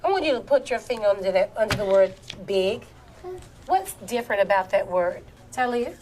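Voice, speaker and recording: A woman teacher leading a young class, speaking clearly and expressively and slowing down to model reading. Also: medium pitch, expressive, darkish tone, slight background noise. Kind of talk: classroom reading lesson with children.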